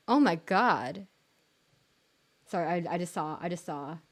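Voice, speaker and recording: A young woman streamer chats loosely with her viewers, and her pitch swoops up and down. She rambles and restarts her sentences, fills them with little words, and giggles at herself. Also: big pitch swings, slow pace. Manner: rambling, filler-heavy, giggly, self-deprecating. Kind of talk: casual live-stream chat.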